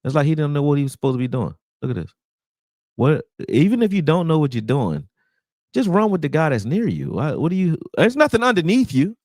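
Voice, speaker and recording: In a slightly high voice at a fairly quick pace, a young man breaks down football game film casually and profanely, speaking right to y'all with animated exasperation. He's on a close desktop mic with screen sharing, and the sound is studio quality with no echo.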